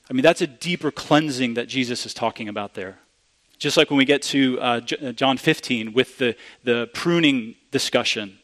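A man's voice: mid-range voice, fairly bright tone. A man preaching a sermon in a conversational way, often restarting phrases and growing emphatic when he quotes a passage.

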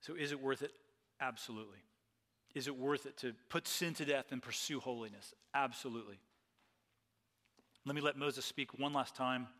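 A man's voice: medium pitch, moderate pace, pauses often, sharp tone, long reverb tail. A man preaching a sermon as pastor, earnest and often repeating phrases.

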